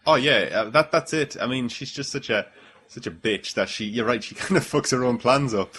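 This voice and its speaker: A man's voice: mid-range voice, moderate pace, a bit bright, slight background noise. A man from the UK hosting a casual film review chat, rambling with lots of fillers and swearing freely. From United Kingdom. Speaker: film review podcast host.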